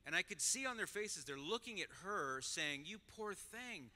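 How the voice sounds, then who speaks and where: A man's voice: on the high side, moderate pace. A middle-aged man speaking at a conference, telling a story to an audience and acting out the voices of the people in it. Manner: animated storyteller, acts out voices. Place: large conference hall. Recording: long hall reverb.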